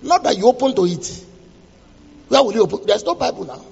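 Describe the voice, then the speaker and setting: High, lively preacher, gravelly and raspy. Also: male voice, brisk. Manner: dramatic storytelling, quotes scripture, shifts between loud and hushed. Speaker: pastor. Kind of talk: sermon testimony. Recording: distant voice in a reverberant hall, dull sound.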